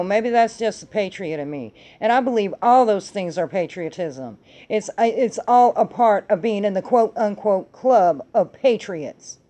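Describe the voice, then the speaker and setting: A middle-aged woman hosts a political talk show, her voice dark and mellow. She rants with heated anger and swears freely as she argues her points. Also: mid-range voice, lively intonation, measured pace, few pauses. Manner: angry, profane ranting. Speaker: podcast host.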